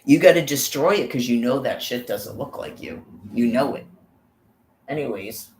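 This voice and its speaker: Man vlogger, gravelly voice, profane rambling monologue, echoey recording. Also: mid-range voice, lively intonation, moderate pace, a little hiss or hum. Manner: profane, rambling, addresses viewers by name. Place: outdoors on a walk.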